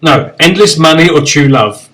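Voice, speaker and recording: A man's voice: fairly high pitch, animated, fairly bright tone, poor audio. Playful male show host. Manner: playful, quick banter. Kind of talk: casual chat.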